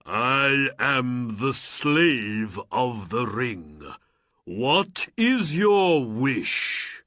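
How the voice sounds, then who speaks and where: A reader voicing a huge, obedient male genie who speaks in slow, booming declarations in a storybook reading. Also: sing-song, fairly bright tone, no echo, clean studio sound, exaggerated voice. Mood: solemn.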